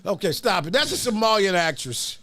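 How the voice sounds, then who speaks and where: A man hosting a podcast, mocking video clips with loud laughter and comic commentary. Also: high voice, brisk, dry recording. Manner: mocking, laughs a lot, animated. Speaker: podcast host. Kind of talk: comedic commentary.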